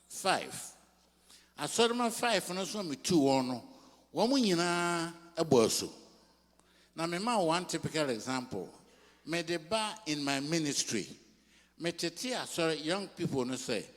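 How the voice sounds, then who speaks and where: An older Ghanaian pastor preaches slowly and deliberately, his fairly high voice rising and falling widely. He mixes English with Twi in emphatic phrases. The sound carries a long reverb from a large church hall. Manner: switches between English and Twi, slow and emphatic. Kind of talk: sermon.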